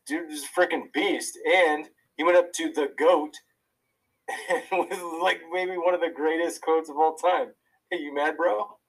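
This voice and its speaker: A man's voice: on the high side, breathy edge, distant mic, rough recording. Laid-back man set back from the mic. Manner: laid-back, uses filler and swearing. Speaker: podcast co-host. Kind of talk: casual sports chat.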